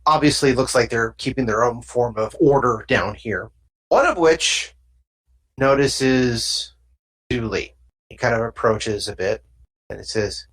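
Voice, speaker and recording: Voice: medium pitch, measured pace, fairly bright tone. A game master with a Southern US accent narrating a tabletop game in a casual, loose way.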